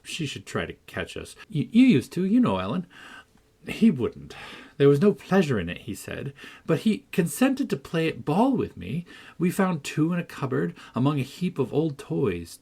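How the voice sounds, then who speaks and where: A man reading as lively young Catherine. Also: mid-range voice, breathy edge. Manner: lively first-person storytelling. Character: spirited girl Catherine telling her adventures. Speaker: audiobook reader. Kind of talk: audiobook narration.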